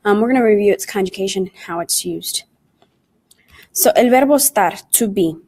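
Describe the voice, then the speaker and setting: With a warm, medium-pitched voice at normal speed, a woman leads an online Spanish class conducted in English. She goes through everything patiently, step by step, mixing in Spanish vocabulary and conjugations and frequently saying "guys."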